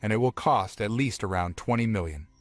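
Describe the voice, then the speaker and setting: A man's voice: on the low side, a little fast, dry recording, soft background music, close to an everyday voice. A narrator voicing a wily middle-aged foreman in a comic story, deferential and wheedling as he names his price.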